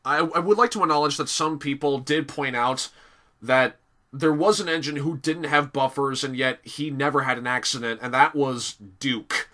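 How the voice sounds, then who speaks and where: A man giving a casual, animated video review, often laughing and filling pauses with "um". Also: mid-range voice. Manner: animated, giggly, many fillers.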